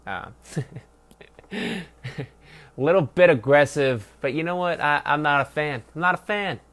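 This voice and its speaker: A young man hosts a solo football review podcast, speaking casually, expressively and without hurry. He swears heavily, rambles and mocks, lurching between loud outbursts and low mutters.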